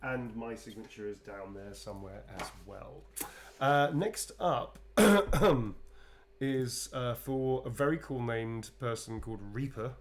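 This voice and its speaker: A man's voice: medium pitch, animated, takes it slowly, a little hiss or hum. A tired man chatting casually on a livestream, rambling and playful, calling viewers darlings as he draws. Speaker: actor drawing requested sketches for viewers.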